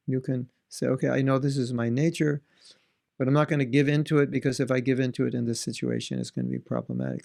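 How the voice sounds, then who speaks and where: A man's voice: mid-range voice, gravelly, a little mellow. A man giving a devotional talk in an earnest, conversational way, asking his listeners rhetorical questions. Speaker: spiritual teacher.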